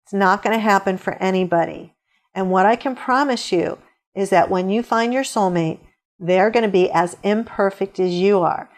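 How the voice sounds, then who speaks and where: A woman's voice: medium pitch, normal speed. A middle-aged woman answering interview questions with upbeat, storytelling advice. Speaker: guest author.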